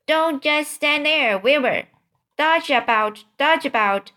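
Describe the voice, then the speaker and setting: A woman reading a storybook, voicing an excitable, bossy goose who barks urgent orders and repeats them. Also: fairly high pitch, measured pace.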